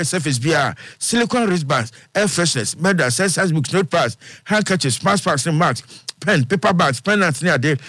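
A Ghanaian man presenting radio news and reading ads in a brisk, rhythmic way, repeating phone numbers. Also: fairly high pitch, a bit bright, dry recording.

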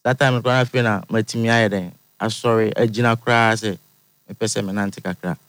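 A man with a Ghanaian accent, a musician guest, telling his story in halting, pidgin-laced English. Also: lowish voice, steady tone, fairly bright tone, no echo. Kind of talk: casual interview.

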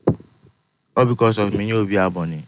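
Man, Ghanaian accent, low voice, halting pidgin-mixed speech, musician guest, dry sound. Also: no echo. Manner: halting, pidgin-laced telling of his troubles. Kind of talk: casual interview.

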